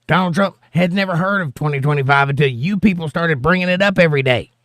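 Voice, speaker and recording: A man's voice: on the high side, quick pace, a bit bright, no room sound, studio quality. A man hosting a political livestream from the United States, reading chat comments aloud and answering them in an argumentative, sarcastic way.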